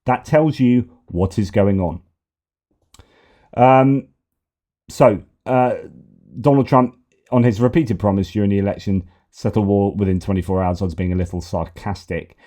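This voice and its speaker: A man's voice: lowish voice, measured pace, warm tone. A man giving sarcastic, exasperated political commentary, often repeating himself. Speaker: news commentator.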